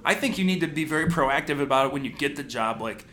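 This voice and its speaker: A man's voice: on the high side, expressive, fast, bright, forceful tone, soft background music. A man co-hosting a casual comedic chat in a jokey manner, riffing on bits. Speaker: podcast co-host.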